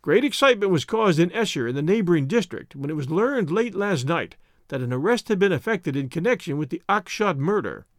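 A male audiobook narrator reads a classic detective story in a steady, measured way, his voice high and lively. The recording is dry and close-miked, like a booth, with no echo.

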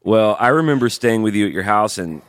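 A man's voice: lowish voice, lively intonation, fairly quick, fairly bright tone, clean tone, no echo, clean studio sound. A man in his forties chatting casually on a podcast, joking loosely and swearing. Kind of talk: casual chat.

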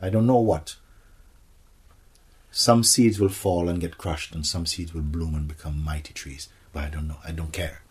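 A man's voice: very deep voice, steady tone, moderate pace, slightly rough. A man giving a spiritual satsang talk, playful, slipping into acted voices and laughter. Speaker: spiritual teacher.

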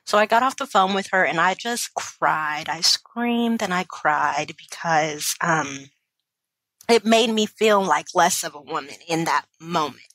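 A woman's voice: fairly low pitch, animated, a little slow, a bit bright, dry recording. A woman in her thirties, a kindergarten teacher telling her personal story as an interview guest, candid and emotional, with many fillers and restarts. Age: 30s.

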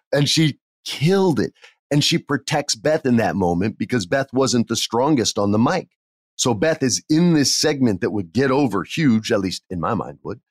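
A man casually telling a backstage story, animated and acting out the people he quotes. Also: mid-range voice, no room sound, studio quality. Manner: animated, acts out quoted voices. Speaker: podcast guest telling stories.

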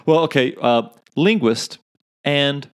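A man's voice: medium pitch, takes it slowly, smooth. A man hosting a comedy podcast, chatting and joking with friends in a loose, upbeat way, with lots of fillers. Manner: jokey, upbeat, full of fillers and laughs. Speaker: podcast host. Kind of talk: casual comedy podcast banter.

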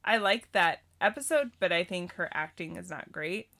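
A woman's voice: on the low side, animated, moderate pace, gravelly, bright, forceful tone. A woman co-hosting a movie podcast, chatty and rambling, with many fillers. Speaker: podcast co-host. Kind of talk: casual chat.

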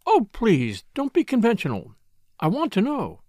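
A man's voice: high-pitched, wildly swooping pitch, normal speed, a little mellow, no room sound, clean studio sound, voice pushed up. A man reading aloud, voicing a wealthy, spoiled young woman who is restless and distressed and talks in an eager, pleading way.

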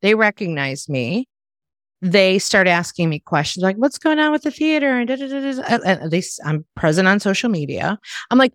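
A woman's voice: mid-range voice, fairly quick, dry recording, studio quality. A middle-aged woman hosting a podcast, chatting casually and acting out the voices of people in her stories. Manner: animated storyteller, acts out quoted voices. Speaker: podcast host. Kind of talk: casual chat.

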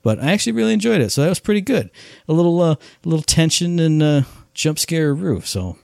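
On a laid-back podcast, a male co-host tells stories with rambling, animated enthusiasm. His voice is fairly high and creaky, he talks fast, and the studio recording is dry and clean.

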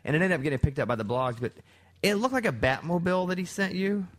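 A man's voice: a little high, lively intonation, fast. A man hosting a casual chat, loose and joking, trailing into asides. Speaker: radio host.

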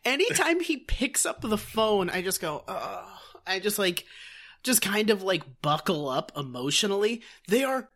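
A woman with a mid-pitched voice that swoops lively up and down. She co-hosts a casual podcast, trading sarcastic, profane commentary on an episode. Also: normal speed. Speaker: podcast co-host. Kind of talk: casual episode recap chat.

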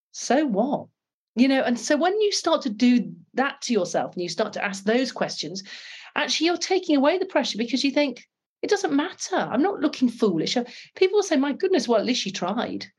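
A woman's voice: mid-range voice, breathy edge. A British woman, a former pilot and author, talking earnestly in an interview and acting out the dialogue in her stories. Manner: earnest, animated, acts out quoted dialogue. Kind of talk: conversational interview storytelling.

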